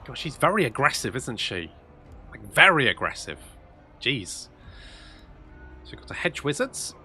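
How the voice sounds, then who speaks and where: A man's voice: mid-range voice, sing-song, unhurried, sharp tone, soft background music. A man commentating his own strategy game play, thinking aloud and muttering asides as he goes. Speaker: gameplay commentator.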